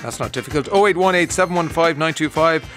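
A man's voice: fairly high pitch, fast talker, a bit bright, faint music behind. An Irish man hosting a radio show, chatting casually and reading out listener messages with frequent "uh" fillers. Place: radio studio.

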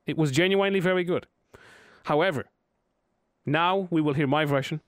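Speaking at a moderate pace, a young radio host with an Irish accent keeps things chatty, playful and self-deprecating in casual studio talk. His voice is fairly high, and the studio sound is clean and echo-free over a faint music bed.

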